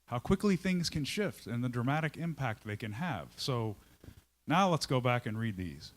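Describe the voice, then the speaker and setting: Male company leader on stage, storytelling talk, conversational and animated, acts out his own thoughts, middle pitch. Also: normal speed. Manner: conversational, checks in with listeners. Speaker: CEO giving a talk. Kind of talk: storytelling talk to a live audience.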